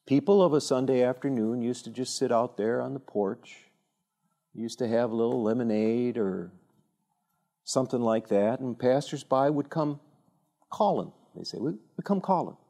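An older man with a mid-range voice tells rambling stories at a moderate pace to a younger audience in an informal talk. He's animated, full of fillers and restarts.

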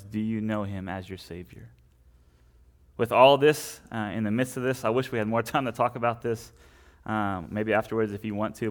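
A man, probably young, preaching a conversational sermon, often adding "right?" and restarting his sentences. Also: on the low side.

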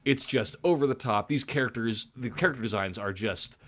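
A man's voice: medium pitch, a little fast, a bit bright. A man co-hosting a casual podcast, talking loosely with lots of fillers and restarts. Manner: rambling with many fillers and restarts. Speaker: podcast co-host.

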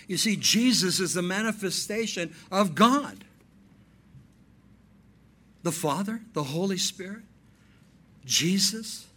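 A male pastor preaching a sermon, animated, telling stories and acting out dialogue. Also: high voice, slightly rough.

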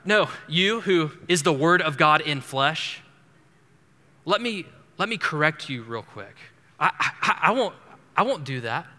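A boastful, overconfident apostle , as a preacher puts him on brushes off a warning in a cocky, stammering retort. His voice is a little high and very bright. It rings with long reverb in a church hall. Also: lively intonation, a little slow. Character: boastful overconfident apostle Peter, adult man.

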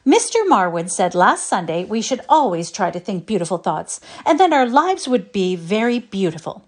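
A prim and proper young girl from a storybook, easily shocked and quick to scold, speaking with stiff dignity, voiced by a woman. Her pitch swings widely. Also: big pitch swings. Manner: severe, prim.

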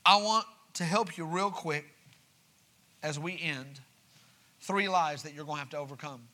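A man with a drawl preaches in a church, his voice high and bright. He checks in with the congregation as he goes, then rises into urgent, raised preaching. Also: unhurried. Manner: builds from quiet reading to raised, urgent preaching; asks the congregation for responses. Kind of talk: sermon.

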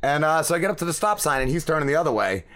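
A man's voice: a little high, sing-song, very fast, fairly bright tone. A man co-hosting a podcast, rambling through stories full of swearing and acting out what other people said. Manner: rambling, swears a lot, acts out quoted people. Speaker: podcast co-host. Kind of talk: casual profane storytelling.

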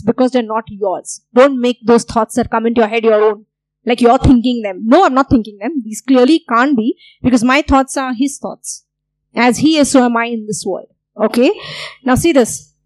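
High-voiced woman preaching earnestly. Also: low-quality recording. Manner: earnest, repeats phrases for emphasis. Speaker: pastor. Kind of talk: sermon.

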